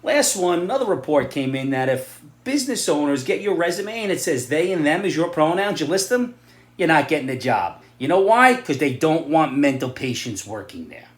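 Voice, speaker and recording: A middle-aged man in a blunt, sarcastic opinion monologue, now and then rising to loud outbursts. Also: fairly high pitch, very animated, moderate pace, reverberant. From New York area. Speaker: vlogger giving opinions and advice.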